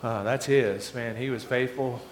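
A preacher voicing a matter-of-fact Saint Peter. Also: male voice, mid-range voice, steady tone, a little slow, slight background noise, close to an everyday voice. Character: Saint Peter, calm male heavenly guide. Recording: echoey hall with faint ambience.

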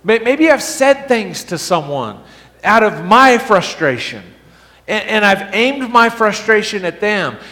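Animated preacher in a reverberant hall. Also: male voice, sits high, unhurried. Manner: animated, asks the congregation questions, stammers on restarts. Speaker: pastor. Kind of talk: sermon.

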